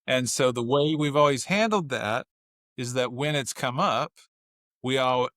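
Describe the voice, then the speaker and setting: A man, a father, talking as a podcast guest, telling family stories with lively, acted-out bits of dialogue. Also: mid-range voice, unhurried, dry recording, clean studio sound. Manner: animated storyteller, acts out family dialogue. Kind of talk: casual chat.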